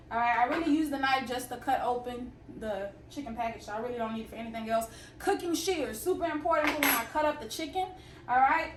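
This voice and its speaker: A woman's voice: high-pitched, recorded from a distance, slight background noise. A young woman with a Southern accent from Alabama, chatting playfully to viewers while cooking in her home kitchen. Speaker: fitness and cooking vlogger. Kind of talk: casual cooking vlog. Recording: roomy kitchen audio, mic set back.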